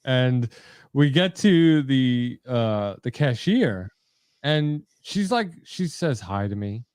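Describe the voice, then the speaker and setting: A man's voice: mid-range voice, slow pace, smooth, dry recording, studio quality. A man in his thirties co-hosting a live show, chatting loosely with many fillers. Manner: lively, chatty storyteller with filler words. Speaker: podcast co-host. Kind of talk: casual chat.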